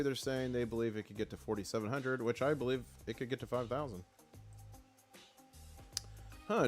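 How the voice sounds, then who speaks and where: A man hosting a casual live stream with excited market commentary, rallying his chat and reading out their comments. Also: mid-range voice.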